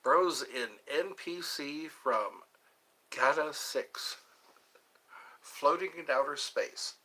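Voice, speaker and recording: A man's voice: fairly high pitch, takes it slowly, pushed and bright, a little hiss or hum. A man hosting a live stream in a casual chat, joking around playfully and answering viewers' questions aloud.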